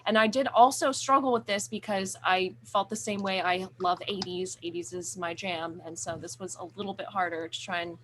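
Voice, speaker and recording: A young adult woman co-hosting a podcast gushes about horror movies in casual, rambling talk packed with fillers and swearing. Her voice is lowish, steady and a bit bright, at normal speed with few pauses, over slight background noise.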